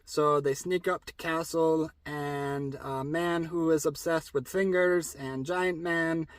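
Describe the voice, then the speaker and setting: A man's voice: on the high side, steady tone, slow, clean tone, no room sound. A man retelling a story in a comic persona, talking in rambling broken English.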